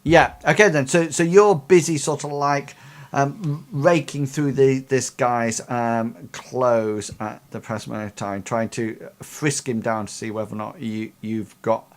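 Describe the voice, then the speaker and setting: A man's voice: medium pitch, steady tone, unhurried. Rambling male game master. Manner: rambling, filler-heavy narration. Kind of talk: narrating a tabletop game.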